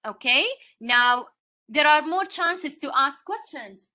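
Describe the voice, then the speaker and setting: A woman with a Saudi Arabian accent, a native Arabic speaker, presents to fellow teachers in a fairly high, very bright voice. She explains through questions, fills pauses with "uh" and "um", and checks in with "okay?" as she goes. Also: animated. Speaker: English teacher giving a conference talk. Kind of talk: live teacher-training presentation.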